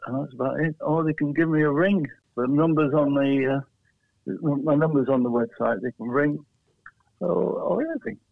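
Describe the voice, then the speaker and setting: A man's voice: fairly high pitch, normal speed, creaky, dry recording. An English man, a flag maker, chatting casually in an interview and telling rambling stories with many restarts and chuckles. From England. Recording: tinny phone line.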